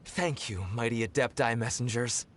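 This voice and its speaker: A man's voice: mid-range voice, normal speed, lightly acted. An actor playing a humble, grateful common man who speaks politely and earnestly. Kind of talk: game cutscene voice acting.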